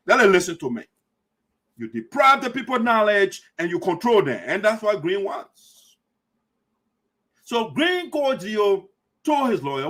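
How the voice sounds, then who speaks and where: Brief: male show host, high and very animated voice, fiery accusatory commentary. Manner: fiery and accusatory, repeating lines for emphasis, sometimes shouting. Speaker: host of a diaspora community show. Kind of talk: impassioned political commentary.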